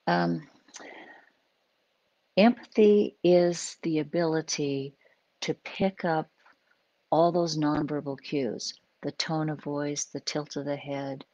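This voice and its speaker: A woman with a notably low voice talks through ideas in an unscripted, conversational way, hosting a live stream as a psychologist. The sound is dry and close, with no room ring. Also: darkish tone, no echo, muffled recording. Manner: conversational, explains with acted examples and asides. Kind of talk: unscripted teaching talk to a live audience.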